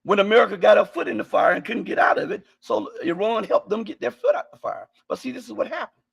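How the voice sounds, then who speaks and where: A man's voice: high-pitched, animated, fast, creaky, slightly rough, highs cut off. A man giving heated, impassioned political commentary, firing off rhetorical questions and often raising his voice. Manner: heated, repetitive, rhetorical questions, bursts of shouting. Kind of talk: impassioned live-stream commentary.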